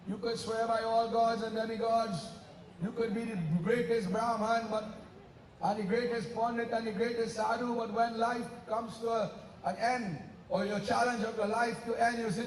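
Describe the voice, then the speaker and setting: A man's voice: extremely high pitch, flat delivery, moderate pace, echoey room, recorded from a distance, slight background noise, rough recording. A man with a Trinidadian accent narrates a devotional story to devotees at a festival, breaking into sung chants. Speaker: Ramleela narrator. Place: outdoor festival stage.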